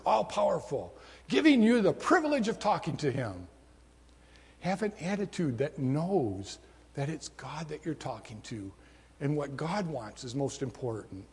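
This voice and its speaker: A male pastor preaching with an earnest storytelling manner. His voice is husky and a touch high for a man. The recording carries a long, ringing reverb from a large hall. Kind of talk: sermon.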